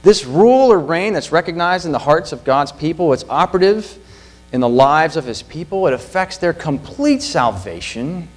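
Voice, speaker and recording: Pastor, man, middle-aged; animated, earnest sermon delivery, slight hum on the recording. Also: a little high, moderate pace, rough recording. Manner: earnest, emphatic preaching with rhetorical questions.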